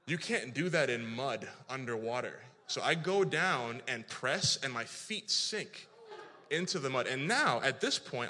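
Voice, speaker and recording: A man from Africa, telling an animated, self-deprecating story in a sermon, full of restarts. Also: mid-range voice, a little slow, noisy background. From South Africa. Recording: reverberant hall.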